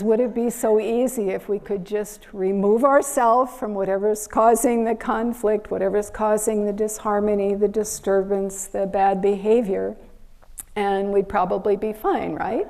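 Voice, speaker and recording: A woman minister telling a story in a Sunday sermon, gently and with pauses. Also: medium pitch, fairly even intonation. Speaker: minister giving a Sunday service.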